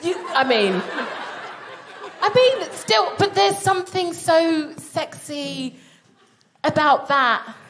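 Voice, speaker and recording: A woman's voice: high-pitched, expressive, slow, pauses often, background noise. A British woman co-hosting a live podcast on a theatre stage, playfully leading the audience in a chant. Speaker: co-host.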